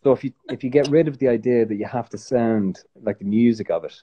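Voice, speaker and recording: A man's voice: medium pitch, fast, husky, highs cut off. An Irish man who is a guest actor, chatting casually and rambling with lots of restarts. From Ireland. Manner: rambling, self-correcting, relaxed. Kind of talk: casual chat.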